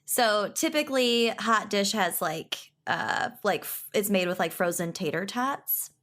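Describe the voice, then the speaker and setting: A woman's voice: mid-range voice, measured pace, fairly bright tone. A woman from Minnesota with a Minnesotan accent, a podcast guest chatting in a laughing, easygoing way. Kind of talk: casual chat.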